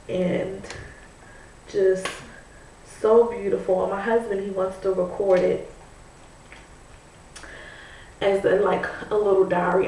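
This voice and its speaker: Curling her hair as she talks to the camera, a pregnant vlogger muses casually, often saying "you know" and "I'm like." Her voice is mid-range, gravelly and mellow. The mic sits far from her in an echoey room, picking up faint noise.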